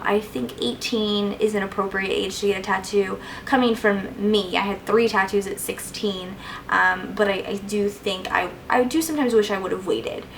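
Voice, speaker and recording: A woman's voice: medium pitch, gravelly, fairly bright tone, a little hiss or hum, low-quality recording. A young woman answering viewer questions in a casual vlog, chatty and gushing, with plenty of "like"s and fillers. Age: young adult. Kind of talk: casual Q&A chat.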